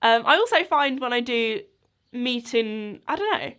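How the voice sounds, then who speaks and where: A woman's voice: a little high, lively intonation, measured pace, fairly bright tone, clean tone. A woman in her twenties hosting a podcast, chatting casually and rambling with lots of likes and ums. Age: 20s. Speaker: podcast host. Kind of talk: casual solo chat.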